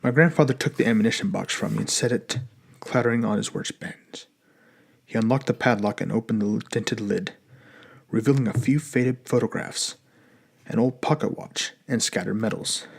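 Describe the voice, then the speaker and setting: A man narrating an audiobook in a measured, even storytelling manner. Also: medium pitch, creaky, husky.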